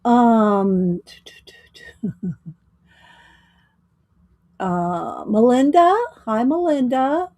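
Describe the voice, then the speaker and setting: Slow-talking woman hosting a chatty livestream. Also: a little high, dark tone. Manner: chatty, greets viewers by name; slow, rambling, with fillers and small laughs. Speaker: livestream host. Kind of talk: casual livestream chat.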